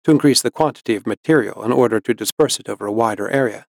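A man voicing an analytical male doctor who speaks in a measured, explaining way. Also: lowish voice, creaky, no echo, clean studio sound.

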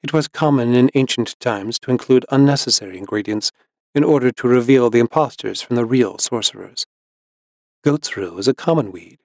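A man reading the lines of a composed older woman herbalist who speaks in an even, unhurried tone. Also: medium pitch, no echo, studio quality, lightly acted. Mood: cool.

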